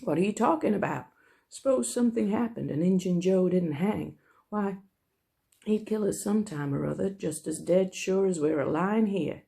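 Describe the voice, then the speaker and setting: Teacher doing rough lil huck, fake american drawl, blunt and grim. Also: medium pitch, moderate pace, warm tone, pitched above the performer's own voice, natural voice. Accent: put-on American. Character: ragged boy Huck Finn, blunt, streetwise.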